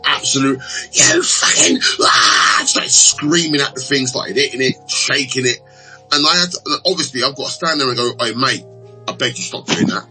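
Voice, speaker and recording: A young man chatting casually, telling animated stories and acting out arguments in raised voices. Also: mid-range voice, fairly quick, faint music behind, poor audio. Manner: animated storyteller, acts out quarrels in raised voices. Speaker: betting shop assistant manager. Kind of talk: casual chat.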